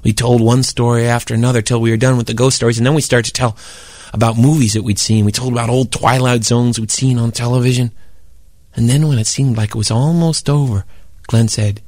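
A man storyteller narrating in a relaxed, conversational way. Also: medium pitch, a little fast, dry recording, studio quality. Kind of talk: spoken storytelling performance.

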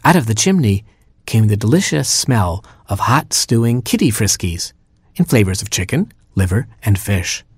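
Husky-voiced man reading a storybook. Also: on the low side, moderate pace, no room sound, studio quality. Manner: playful, expressive. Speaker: narrator.

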